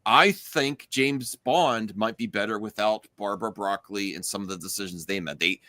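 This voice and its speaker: Male stream host, bright tone, lively delivery, dry close mic, rambling casual chat. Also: lowish voice, normal speed, no echo. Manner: rambling, many fillers and restarts. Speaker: show host.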